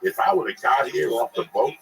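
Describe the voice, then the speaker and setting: A man hosting a casual chat, telling animated stories, swearing freely and acting out the people he quotes. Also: mid-range voice, a little fast, vocal fry. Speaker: podcast host.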